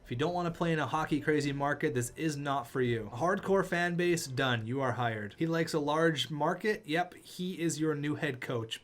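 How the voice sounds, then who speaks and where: A young man commentating his hockey video game, exasperated and sarcastic, swinging from groans to outbursts. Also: on the high side. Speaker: gaming YouTuber.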